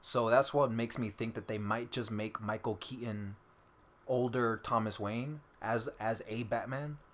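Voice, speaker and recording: A man co-hosting a casual fan podcast, excited and swearing freely, often breaking into laughter. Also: lowish voice, a little slow, slight background noise. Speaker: podcast co-host.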